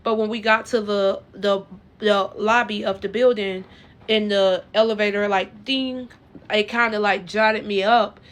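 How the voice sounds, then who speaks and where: A woman telling her own story to her viewers in a casual, earnest way, rambling and halting with lots of fillers and restarts. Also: medium pitch, fairly even intonation. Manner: earnest and emotional.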